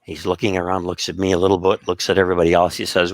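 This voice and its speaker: A man's voice: low voice, very fast, few pauses, no echo, clean studio sound. A man casually telling stories on a podcast, acting out the voices of the people in them. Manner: animated, acts out quoted voices. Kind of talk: casual storytelling.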